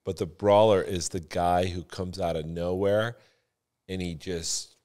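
Guy with a lowish voice on a podcast, teasing and telling stories. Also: unhurried. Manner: teasing, storytelling, animated explanations. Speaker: podcast guest, car business veteran. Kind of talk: casual podcast chat.

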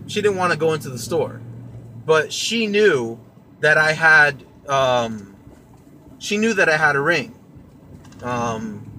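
A man's voice: a little high, bright, forceful tone, a little hiss or hum. A young man hosting his own vlog, telling a personal story casually and rambling with lots of fillers. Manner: rambling, with many fillers and restarts. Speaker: podcast host and vlogger.

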